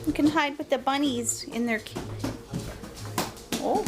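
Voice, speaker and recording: A woman's voice: sits high, measured pace, over music. A mother filming at home, coaxing and teasing her young son and the family dog in a playful sing-song way. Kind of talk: casual home video. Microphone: handheld camera.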